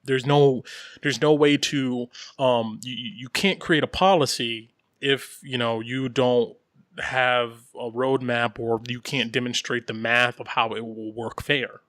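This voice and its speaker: A man's voice: mid-range voice, unhurried, dry recording. Brief: male podcast co-host, loose and rambly, chuckles mid-sentence, dry close sound. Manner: rambling, many fillers and repeats; animated, laughs while talking. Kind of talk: casual chat.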